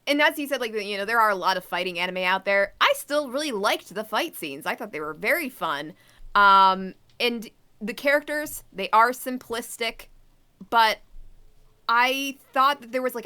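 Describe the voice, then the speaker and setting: A woman co-hosting a podcast, chatting casually about a show with a halting, filler-heavy manner. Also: on the high side, pushed and bright, smooth. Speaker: podcast co-host. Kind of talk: casual review chat.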